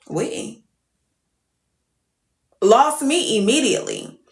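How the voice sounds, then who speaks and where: A woman telling a story to viewers on a live stream, animated and profane. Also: fairly high pitch, a little slow, creaky, long pauses, echoey room.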